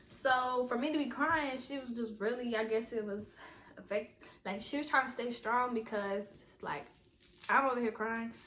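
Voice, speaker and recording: A woman's voice: mid-range voice, sharp tone. A young adult woman vlogger in a casual storytime video, rambling and talking straight to her viewers. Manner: chatty, rambling, talks straight to viewers as "y'all".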